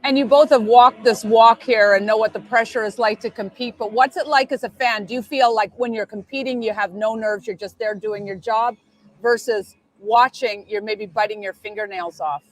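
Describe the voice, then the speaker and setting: A woman's voice: on the high side, steady tone, moderate pace. A Canadian woman co-hosting a casual show, playful as she asks questions. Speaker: co-host.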